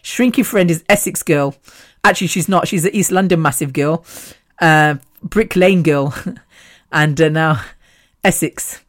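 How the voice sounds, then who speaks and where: Woman solo podcaster; loose, chatty monologue, quick laughs throughout. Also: sits low. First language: Punjabi. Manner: chatty, rambling, laughs often. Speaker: podcast host. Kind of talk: casual solo chat.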